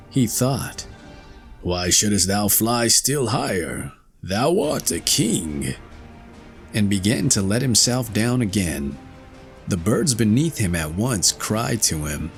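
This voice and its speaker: A man narrating fairy tales for an audiobook, reading slowly and expressively. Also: lowish voice. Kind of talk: storybook narration.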